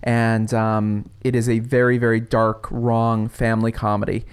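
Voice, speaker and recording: A man, a playwright guest, telling stories in a lively chat and acting out his characters' lines. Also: lowish voice, normal speed, clean tone. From United States. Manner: acts out his characters' lines in quoted voices, laughs often. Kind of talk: animated storytelling chat.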